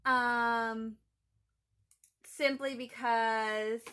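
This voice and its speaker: A woman's voice: on the high side, steady tone, very slow, bright, forceful tone, clear, resonant tone. A young woman in a casual diary vlog, rambling and chatty as she retells conversations. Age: young adult. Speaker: college student vlogger.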